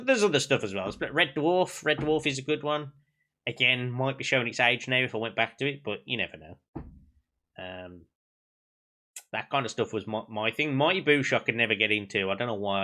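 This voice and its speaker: A young adult man with a softened Black Country accent, chatting casually on a stream, rambling with many restarts. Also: medium pitch, expressive, brisk. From England. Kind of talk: casual chat with chat.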